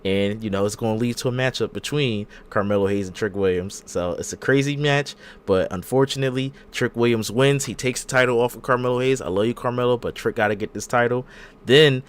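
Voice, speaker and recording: A man hosting a casual wrestling podcast, telling a long fantasy storyline in a rambling, animated way. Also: medium pitch, brisk, smooth. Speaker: podcast host.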